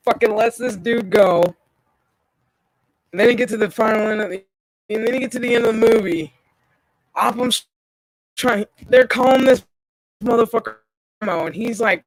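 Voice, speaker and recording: A man hosting a gaming stream, telling a story in casual chat, profane and animated. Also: high voice, unhurried, pauses often, no room sound.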